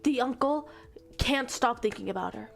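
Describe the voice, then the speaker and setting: A young woman streamer retelling a story in casual chat, exasperated, animated and swearing freely. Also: on the high side, normal speed, vocal fry, faint music behind.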